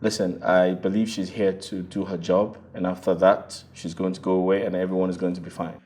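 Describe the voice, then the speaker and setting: A smug, dismissive rich groom in a film drama with a Nigerian accent. His voice sits somewhat low and he taunts with ease. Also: flat delivery, brisk, darkish tone.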